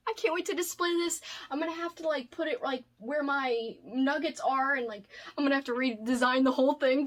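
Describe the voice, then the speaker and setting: A woman's voice: high voice, steady tone, fairly quick, few pauses. Bubbly gushing woman vlogger. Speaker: booktuber. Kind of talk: casual vlog unboxing.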